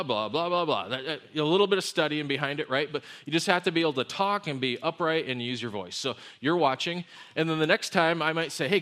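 A man's voice: mid-range voice, a bit bright. A male pastor preaching a sermon in a church in a conversational, joking way, often checking in with the congregation. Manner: conversational, joking, asks the crowd "right?".

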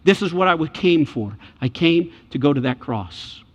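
A man preaching in a church, his voice high and swinging widely as he acts out scenes from scripture. The sound is a little muffled and rings with a long hall reverb. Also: expressive, moderate pace, husky. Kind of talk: sermon.

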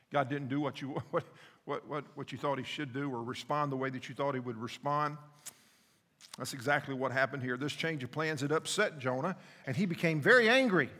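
A man's voice: on the high side, sharp tone, long reverb tail. A male pastor preaching a sermon, earnest and speaking directly to his congregation. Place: church service.

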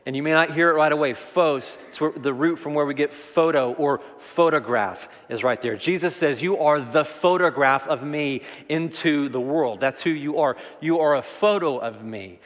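A man's voice: on the high side, normal speed, few pauses. A man preaching a sermon as pastor, talking conversationally, repeating words and rising with emphasis. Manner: conversational, animated preaching with repetitions. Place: church sanctuary. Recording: long reverb of a large hall.

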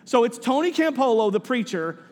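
A man telling a story in a sermon, animated and voicing the people in it, often repeating words. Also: very high-pitched, fairly quick, long reverb tail.

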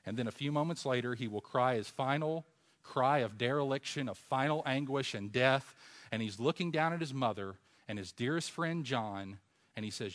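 A man preaching a sermon, asking rhetorical questions and swinging from a hush to loud emphasis. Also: medium pitch, moderate pace.

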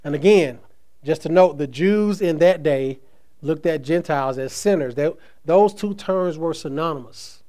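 A man preaching a sermon, speaking with slow emphatic stresses that trail off softly at phrase ends, with casual asides between. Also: on the high side. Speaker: pastor.

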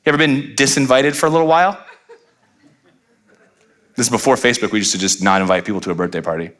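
A man's voice: mid-range voice, fairly even intonation, quick pace, fairly bright tone. A middle-aged man preaching a sermon as pastor, conversational and playful, acting out little quoted voices.

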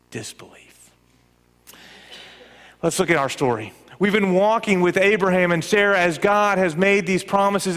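A middle-aged man preaching a conversational sermon, animated and acting out little quoted reactions. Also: sits high. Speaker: pastor and college professor. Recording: long reverb of a large hall.

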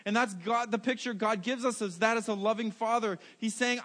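A man's voice: high voice, steady tone, a little fast, fairly bright tone. A middle-aged male pastor preaching a sermon, emphatic, repeating key words, with self-mocking asides.

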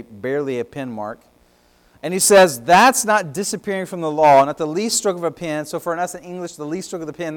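A man preaching a sermon as pastor, explaining scripture emphatically with swings between loud and soft. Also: fairly high pitch, smooth.

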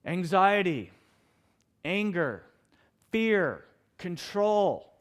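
A middle-aged man preaching a sermon in a church, telling stories with animated, acted-out outbursts. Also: sits high, very slow. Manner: animated storytelling, acts out his own shouts. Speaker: pastor.

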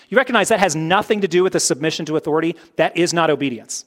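A man preaching a sermon with a fairly high voice. He talks conversationally, pushing hard on his main points, then dropping into quiet, low asides. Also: fast. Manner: conversational preaching, swings between loud emphasis and soft, low asides. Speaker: pastor.

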